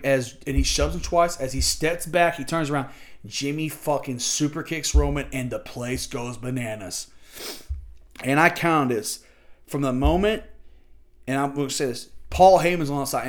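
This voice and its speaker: A man hosting a casual wrestling review show. He talks excitedly and acts out the wrestlers' and commentators' lines as he recaps the matches. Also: a little high. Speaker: wrestling podcast host.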